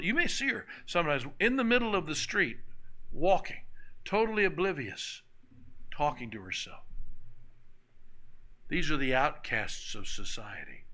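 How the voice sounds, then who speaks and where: Bright-voiced pastor preaching. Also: male voice, fairly high pitch, rough recording. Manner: conversational preaching with anecdotes and repetition. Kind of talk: sermon. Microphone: microphone on a stand.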